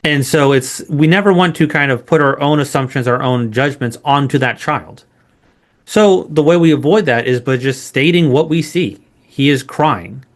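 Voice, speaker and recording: Guy teaching a training class, chatty, keeps asking right?, normal pitch. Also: moderate pace. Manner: conversational, frequent rhetorical "right?" tags. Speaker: instructor. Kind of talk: recorded training lesson.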